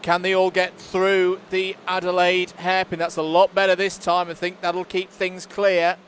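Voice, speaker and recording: A man calling a live sim race as lead commentator, brisk and quick to rise to excited calls over on-track action. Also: high voice, slight background noise.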